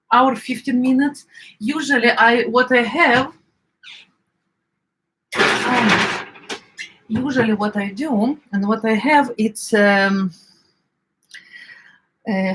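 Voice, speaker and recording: A woman's voice: on the high side, a bit bright, slight background noise, poor audio. A middle-aged woman with an Eastern European accent talks through a home recipe in a loose, chatty way. She often stops to hunt for a word, filling gaps with ums before carrying on. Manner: chatty, searching for words, many fillers. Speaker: home cook. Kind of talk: casual cooking vlog chat.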